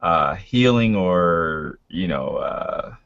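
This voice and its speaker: Deep-voiced man playing a tabletop game. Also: animated, very slow, a bit bright, clean tone. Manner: hesitant, thinking aloud. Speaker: player. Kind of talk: casual tabletop game talk. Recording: dull lo-fi voice chat audio.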